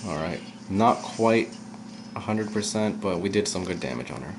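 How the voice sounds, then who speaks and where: A young man with a lowish voice talks through a video game as he plays, rambling and thinking out loud with plenty of fillers. His delivery is loose and unscripted, like a let's-play recording. A faint hiss of noise sits under his voice. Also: animated, normal speed. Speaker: gameplay commentator. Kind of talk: casual let's-play commentary.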